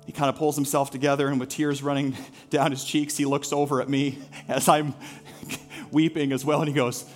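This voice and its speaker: A man's voice: a little high, little pitch movement, normal speed, soft background music. A man preaching a sermon as pastor, telling a story earnestly and rising to rousing calls to worship. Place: church sanctuary.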